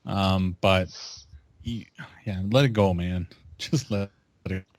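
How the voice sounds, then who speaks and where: Low-voiced podcast guy, matter-of-fact, dry close mic. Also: slow, no echo. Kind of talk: casual chat.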